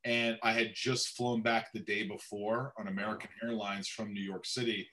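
A man's voice: lowish voice, normal speed. A middle-aged man, an actor guest, telling stories in a casual interview and acting out the voices of the people he quotes. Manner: animated, acts out quoted voices.

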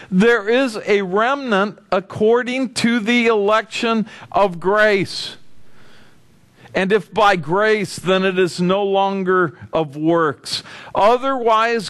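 A man's voice: sits high, dry recording. A man preaching a sermon as pastor, telling the story with acted-out voices and questions to the listeners. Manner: animated storytelling, acting out voices of figures; asks the congregation questions.

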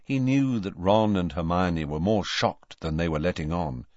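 A man reading an audiobook aloud in an expressive storytelling manner. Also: sits low, normal speed, no room sound, highs cut off. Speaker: audiobook narrator. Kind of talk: scripted narration.

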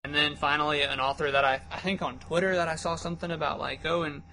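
Earnest, bright-voiced male writer explaining. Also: on the high side, fairly even intonation, gravelly, slight background noise, low-quality recording. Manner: earnest, explanatory, halting restarts. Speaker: podcast co-host, writer. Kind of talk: casual chat.

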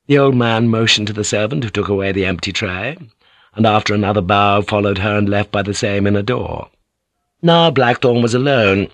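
Male audiobook narrator, lowish voice, dry close sound, measured scripted reading. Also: no echo. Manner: voices characters with light shifts in pitch and broken English.

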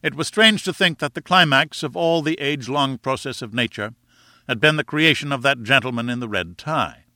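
A man reading a classic novel aloud in measured, expressive storytelling narration. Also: mid-range voice, no echo, clean studio sound. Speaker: audiobook narrator. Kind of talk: scripted narration.

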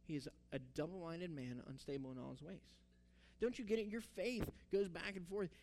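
A male pastor delivers a sermon in a fairly high voice. He tells the story with animation, slipping into the characters' lines as he goes, and reads out scripture along the way. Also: normal speed, a little mellow.

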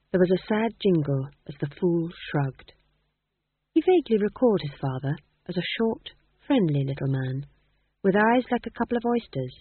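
Expressive audiobook reader, husky voice, dry tinny audio. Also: medium pitch, moderate pace, no room sound. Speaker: audiobook narrator.

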